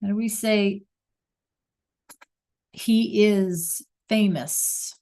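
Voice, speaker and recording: A woman's voice: mid-range voice, fairly even intonation, very slow, darkish tone. A woman teaching a beginner Spanish class, praising students by name and checking that they follow along. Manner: encouraging, repeats praise and checks understanding.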